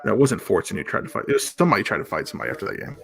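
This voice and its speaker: A man as a guest on a casual sports chat, calmly recalling old fan memories. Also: on the low side, very fast, creaky.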